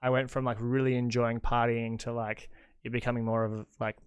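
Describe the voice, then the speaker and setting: Smooth laid-back Australian man. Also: medium pitch, little pitch movement, fairly quick, dry recording. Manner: laid-back storyteller, many fillers. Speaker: guest DJ and agency owner. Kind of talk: casual podcast chat.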